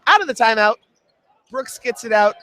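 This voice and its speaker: A young man doing jokey, rapid play-by-play commentary for a college radio basketball broadcast. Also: expressive, sharp tone. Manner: jokey, rapid play-by-play that jumps in pitch on big shots. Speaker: play-by-play announcer.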